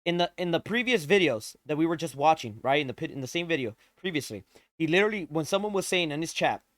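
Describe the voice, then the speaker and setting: A man with a high voice tears into someone in a furious, profanity-filled rant, hammering the same insults again and again. The sound is close and dry with no room around it. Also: animated, fast, no echo. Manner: yelling, insulting, repeats lines. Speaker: streamer.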